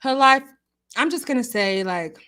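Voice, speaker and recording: A young adult woman hosting a casual livestream, chatting and answering viewers with emphatic, animated remarks. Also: on the high side, normal speed, clear, resonant tone. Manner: chatty, emphatic, laughs often. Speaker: livestream host.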